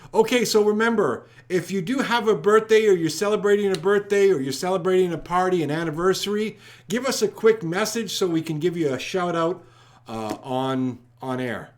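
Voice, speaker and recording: A man hosting a live trivia stream, rattling off viewers' locations and shout-outs in an upbeat way. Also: high-pitched, normal speed. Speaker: trivia livestream host.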